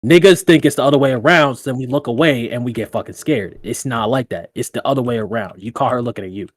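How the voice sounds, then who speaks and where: A man on a podcast giving casual dating advice in loose, profane slang, laughing often and jumping up in pitch when he tells a story. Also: fast, no echo, clean studio sound. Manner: animated, with big jumps in pitch when telling stories. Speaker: podcast co-host.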